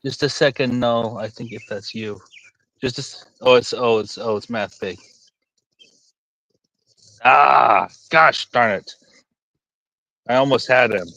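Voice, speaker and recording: A man's voice: medium pitch, takes it slowly, creaky, pauses often, bright, forceful tone, no room sound, low-quality recording. A man with a mid-range voice chats on a live-streamed panel. He needles the others, repeating his question again and again in a teasing tone. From England. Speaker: panelist on a livestream. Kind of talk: casual chat.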